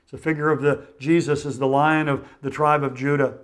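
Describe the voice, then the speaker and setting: Earnest male preacher, fairly high voice. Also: level tone, a little fast. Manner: earnest, softening to quiet at phrase ends. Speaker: pastor. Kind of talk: sermon.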